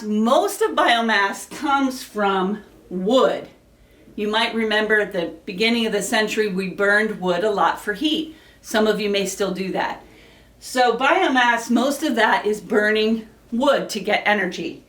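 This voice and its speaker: A woman energy educator teaching children, explaining each source and leading them through slow rhythmic chants. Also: mid-range voice, fairly bright tone. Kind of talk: classroom lesson with chants. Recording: echoey room, mic at a distance.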